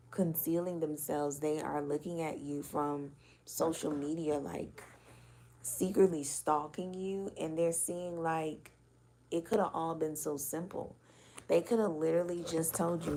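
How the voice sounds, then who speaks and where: A woman's voice: low-pitched, steady tone, moderate pace, mellow, slight background noise. A woman giving a casual intuitive reading, talking loosely and bluntly with swearing and many filler words. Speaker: spiritual card reader.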